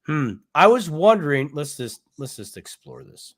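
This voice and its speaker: A man's voice: a little high, very animated, normal speed. A man co-hosting a casual livestream chat, rambling and joking as he thinks aloud while browsing a website. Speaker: co-host.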